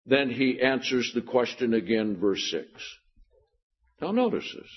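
A man preaches slowly in a husky voice, leaning on emphatic points and sarcastic rhetorical questions. His Bible teaching comes through a dull, lo-fi recording. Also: medium pitch, big pitch swings.

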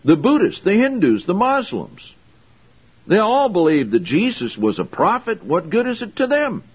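A man's voice: high-pitched, huge pitch swings, moderate pace, slightly rough. A man preaching a sermon, emphatic and confrontational, with pointed rhetorical questions, in a slightly dull lo-fi recording. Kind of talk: sermon, Bible exposition.

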